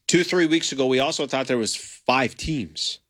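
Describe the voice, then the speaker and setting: A man's voice: medium pitch, normal speed, a bit bright. A man co-hosting a sports radio show, talking casually and hedging with restarts.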